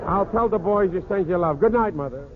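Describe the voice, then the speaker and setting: A man's voice: high voice, expressive, a little fast. A man hosting a 1940s radio comedy show, cracking jokes through a one-sided phone call. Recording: tinny old radio broadcast with faint hiss.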